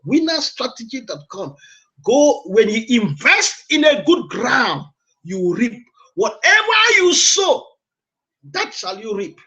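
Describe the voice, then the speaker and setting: A man's voice: very high voice, sing-song, slow, sharp tone. A man hosting a radio show, preaching motivation in an emphatic, repetitive, exhorting way. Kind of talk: preaching broadcast.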